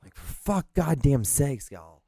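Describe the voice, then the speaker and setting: A man's voice: mid-range voice, sing-song, measured pace, warm tone, breathy edge, no echo. Profane ranting man. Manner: swears constantly, mocks people in put-on voices. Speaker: podcast host. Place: small room.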